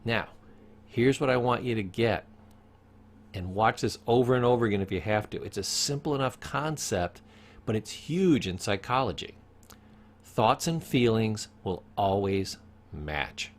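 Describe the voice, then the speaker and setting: A man with a lowish, expressive voice teaches a recorded psychology course at an unhurried pace. He speaks emphatically, repeats his key points, and asks the listener questions.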